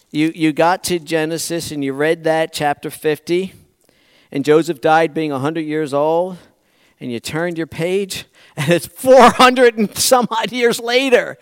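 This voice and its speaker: A pastor preaching a conversational sermon, swinging from loud bursts to near-whispers. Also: male voice, on the high side, clear, resonant tone, dry recording, studio quality. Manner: animated, conversational preaching with dramatic swings in volume.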